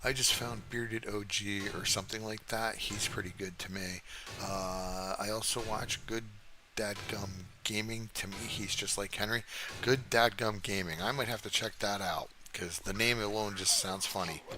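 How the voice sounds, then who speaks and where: A man's voice: lowish voice, fairly even intonation, moderate pace, background noise. An older man hosting a gaming livestream from his desk, chatting casually and cursing freely as he rambles and answers chat while he plays. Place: home desk.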